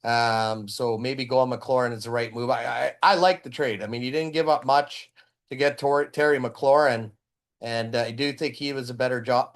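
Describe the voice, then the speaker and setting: A man from British Columbia hosting a fantasy football draft preview, tired and talking loosely with lots of fillers. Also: medium pitch. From British Columbia, Canada. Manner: chatty, loose, many fillers. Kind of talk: casual analysis over screen share.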